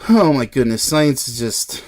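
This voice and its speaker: A man's voice: mid-range voice, lively intonation, unhurried, a little mellow. A man giving a sarcastic, exasperated reaction commentary while reading an article aloud, with frequent incredulous exclamations. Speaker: relationship commentator.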